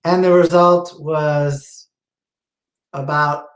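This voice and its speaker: Slow-talking male quiz host, roomy sound. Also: a little high, level tone. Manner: slow, playful, quizzing a co-host. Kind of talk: casual quiz show chat. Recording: roomy echo.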